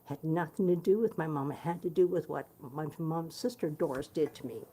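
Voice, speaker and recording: A woman's voice: low voice, fairly quick, dark tone, a little hiss or hum. A woman from Prince Edward Island candidly recounting a personal family story, reenacting conversations as she talks. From Prince Edward Island, Canada. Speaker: guitarist sharing a personal story.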